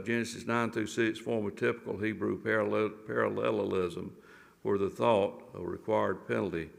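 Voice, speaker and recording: A man teaching a Sunday school Bible lesson in a church, reading scripture and explaining it with halting, repeated restarts and fillers. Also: on the low side, gravelly, long reverb tail.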